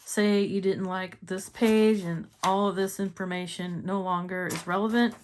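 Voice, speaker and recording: A chatty woman with a Missouri twang talks through her planners in a casual vlog, her voice sitting at an ordinary middle pitch. She laughs often and sounds upbeat, and a faint hiss runs under the recording. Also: fairly even intonation, normal speed, a little mellow. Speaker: planner vlogger.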